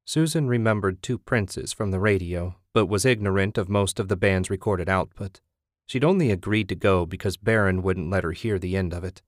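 Low-voiced male audiobook narrator, dry. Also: moderate pace, dry recording. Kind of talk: scripted narration. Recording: dry close studio recording.

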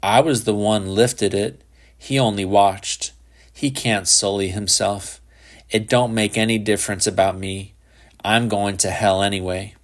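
A man voicing a defiant, scornful teenage boy who talks rough and sullen. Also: lowish voice, fairly even intonation, measured pace, lightly acted.

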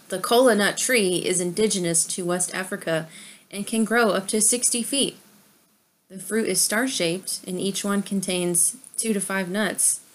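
A woman's voice: medium pitch, fairly bright tone. Dry-witted woman podcast co-host. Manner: dry, teasing reactions. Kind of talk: casual chat.

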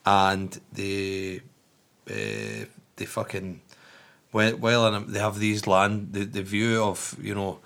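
A man's voice: fairly low pitch, slow pace, gravelly, fairly bright tone. A man telling a story in casual podcast chat, rambling and swearing with many restarts.

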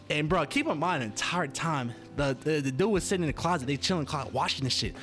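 A man's voice: on the high side, fast, hardly any pauses, fairly bright tone, faint music behind. A man talking casually to his viewers in a rambling, profane monologue that keeps interrupting itself. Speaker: vlogger.

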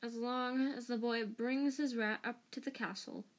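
A haggard male escaped prisoner, as a woman reads him pleads with a rough, urgent croak. Even his snarls stay fairly quiet. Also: fairly high pitch, a little slow, natural voice. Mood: desperate.

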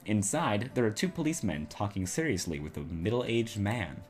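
Low-voiced young man reading a story aloud. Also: lively intonation, normal speed. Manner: laughing, exasperated asides. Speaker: reader narrating a visual novel.

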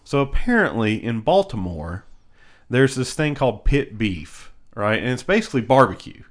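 A man's voice: medium pitch, very animated, normal speed. A man co-hosting a podcast, telling stories in casual chat, rambling with restarts and frequent laughter. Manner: rambling storyteller, laughs often, many restarts. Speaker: podcast co-host.

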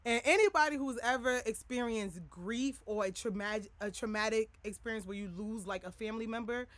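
A woman's voice: a little high, brisk, dry recording. A young adult woman hosting a podcast, talking candidly and casually to her listeners in a rambling way with many filler words. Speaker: podcast host. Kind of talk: candid personal talk to listeners.

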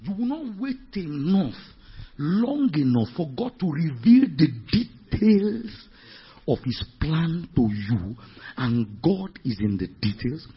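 Raspy, husky preacher, lively pitch. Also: male voice. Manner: swings from low murmurs to shouted climaxes; emphatic, repetitive preaching with rhetorical questions. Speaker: pastor. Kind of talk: sermon. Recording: dull lo-fi recording.

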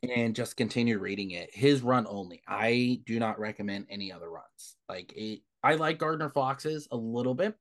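A man's voice: medium pitch, normal speed, few pauses. A young man co-hosting a podcast, telling stories in casual chat and acting out what others said. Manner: relaxed storyteller, acts out quoted dialogue. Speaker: podcast co-host.

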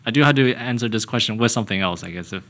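A young man as a podcast guest, talking casually in a halting, hesitant way with frequent restarts. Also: lowish voice, fairly bright tone.

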